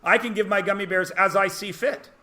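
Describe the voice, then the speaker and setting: Man, math teacher, classroom lecture, high voice, brisk, teasing, rhetorical questions. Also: steady tone, sharp tone.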